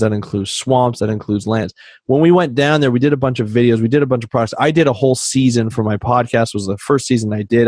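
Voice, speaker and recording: Male guest, mid-pitched storyteller, dry close sound. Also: no room sound. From Canada. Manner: animated anecdotes, acts out quoted dialogue. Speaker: podcast guest. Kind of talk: storytelling in casual interview.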